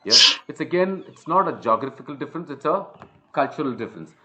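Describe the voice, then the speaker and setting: A man's voice: a little high, expressive, fast talker, dull audio, crowd noise. A man with an Indian accent coaching a trainee one-on-one, lecturing with many fillers and restarts. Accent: Indian English. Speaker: soft skills trainer.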